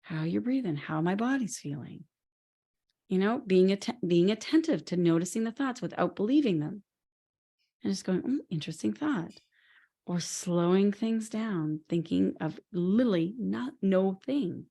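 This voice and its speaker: A woman co-hosting a podcast in casual conversation, telling lively stories and laughing often. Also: mid-range voice, moderate pace, gravelly. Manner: animated, laughing storyteller. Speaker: podcast co-host.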